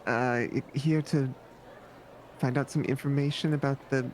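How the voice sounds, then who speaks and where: A man's voice: mid-range voice, fairly even intonation, normal speed, darkish tone, a little hiss or hum. Hesitant man playing a game. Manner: hesitant, stumbling. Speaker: player.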